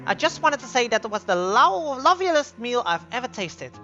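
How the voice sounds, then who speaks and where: A man puts on a spoiled young sister with a sugary, teasing lilt. Her voice is high and bright, and the recording sounds slightly dull. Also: big pitch swings, moderate pace, soft background music, full character voice. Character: young, gushing, spiteful sister.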